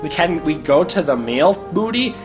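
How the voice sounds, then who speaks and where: An excitable, childlike cartoon sponge, put on by a man reading a comedy story aloud. The voice jumps up high and eager, with a lively, pushed delivery. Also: unhurried, over music. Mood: pleading.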